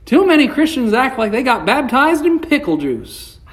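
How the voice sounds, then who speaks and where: A man's voice: very high-pitched, very animated, normal speed, fairly bright tone. A man preaching a sermon with passion, his voice rising and dropping, reading scripture aloud along the way. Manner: impassioned preaching, rising and falling. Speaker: pastor.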